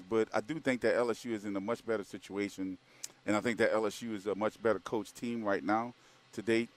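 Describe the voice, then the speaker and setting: A man co-hosting a sports radio show, rambling casually, repeating words and leaning on fillers. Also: fairly low pitch. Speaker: co-host.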